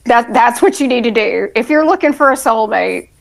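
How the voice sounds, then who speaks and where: A woman's voice: a little high, expressive, moderate pace, creaky, poor audio. A woman co-hosting a casual TV review podcast, with dry, sarcastic asides. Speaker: podcast co-host.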